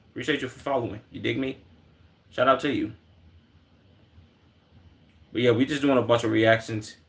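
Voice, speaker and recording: A man's voice: lowish voice, a bit bright. Laid-back slangy young male streamer. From Chicago. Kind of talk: casual reaction stream.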